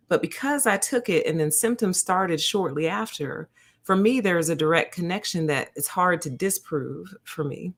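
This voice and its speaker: Animated woman telling a story. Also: lowish voice, normal speed. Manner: animated, laughs often, acts out both sides of a conversation. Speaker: channel host. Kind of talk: casual storytelling to viewers.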